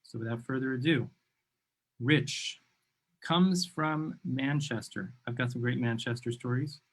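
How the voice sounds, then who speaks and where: A man's voice: medium pitch, a little slow, husky. A man from New York hosting an interview over a video call, talking enthusiastically and rambling, often repeating himself. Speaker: host. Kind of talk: conversational interview.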